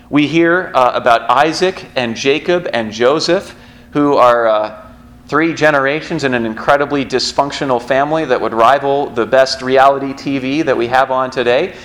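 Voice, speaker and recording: A man's voice: medium pitch, fairly bright tone. A man pastor preaching a sermon in a church, in a conversational storytelling manner with asides.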